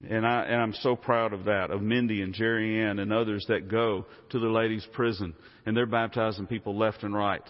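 A man preaching a sermon in a conversational way, often asking the congregation questions. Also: on the low side. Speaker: pastor. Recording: muffled sound with long hall reverb.

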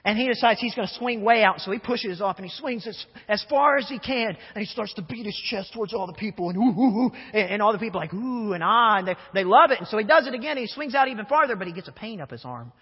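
A young man preaching a sermon in a church, telling humorous stories in an animated way and often repeating his words. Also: high-pitched, quick pace, few pauses, slightly rough. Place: church sanctuary. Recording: echoey church hall, dull sound.

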